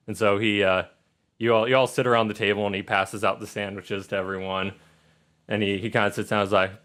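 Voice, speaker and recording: A man narrating as game master of a tabletop game, relaxed and halting with many fillers. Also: on the low side.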